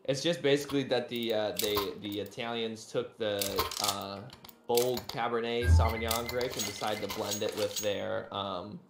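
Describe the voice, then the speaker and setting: Guy rambling on voice chat, mock fancy, tons of uhs, loud noise behind. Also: on the low side, steady tone, normal speed. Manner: rambling with many ums and uhs, mock-refined about wine. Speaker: gaming teammate on voice chat. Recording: echoey with loud background noise.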